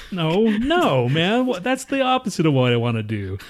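A man's voice: sits high, huge pitch swings, a little slow. A man in his thirties co-hosting a podcast, telling a long story in a rambling, profane way and acting out his coworkers' lines. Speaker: podcast co-host. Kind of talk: casual chat.

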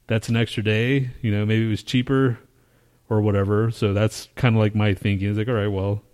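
A man's voice: lowish voice, little pitch movement, a little fast, a little mellow, clear, resonant tone. A man co-hosting a podcast, telling a long story in a casual, profane, rambling way and acting out his own reactions. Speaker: podcast co-host.

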